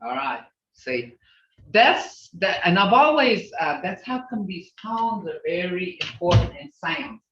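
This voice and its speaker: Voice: mid-range voice, very animated, unhurried, fairly bright tone, recorded from a distance. A language teacher leading an online class, patiently repeating phrases to model their tone. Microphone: video call. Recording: roomy, dull video-call audio.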